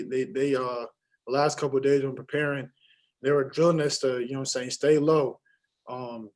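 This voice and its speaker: Young college hoops player, press conference answers, lots of ums and restarts. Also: male voice, medium pitch, darkish tone, poor audio. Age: young adult. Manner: halting, many fillers and restarts.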